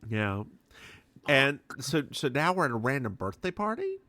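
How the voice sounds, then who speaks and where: A man's voice: medium pitch, normal speed, no echo. A man co-hosting a podcast, chatting casually as he recaps a TV episode, slipping into voices for quotes and swearing freely. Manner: animated, acts out quotes in voices. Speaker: podcast co-host.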